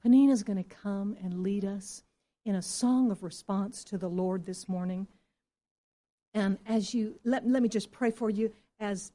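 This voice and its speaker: A woman pastor preaching a sermon to her church, impassioned and then soft and earnest. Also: a little high.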